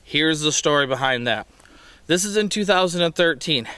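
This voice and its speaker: A man's voice: fairly high pitch, expressive, normal speed, pushed and bright, clear, resonant tone, no room sound. A man hosting a hunting show, telling the backstory in a matter-of-fact way.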